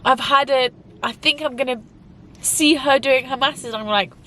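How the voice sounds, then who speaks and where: A woman's voice: sits high, steady tone, normal speed, bright, forceful tone, slight background noise. Young woman rambling in a casual vlog. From England. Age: young adult. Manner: rambling, emotional, many "like" fillers. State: tearful at times. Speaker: YouTuber.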